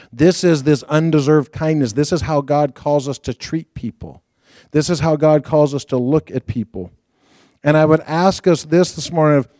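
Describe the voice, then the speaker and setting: A man's voice: medium pitch, dry recording, studio quality. A middle-aged man preaching a sermon, telling stories and acting out the quotes as he goes. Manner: storytelling, animated, acts out quotes. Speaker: guest preacher.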